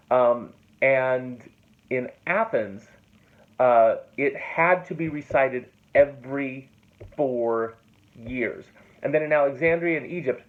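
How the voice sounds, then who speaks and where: A man teaching a classroom lecture in a loose, conversational way, checking in often with his students. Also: mid-range voice. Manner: casual and conversational, checks in with "okay?" and "right?". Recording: tinny phone-like classroom recording.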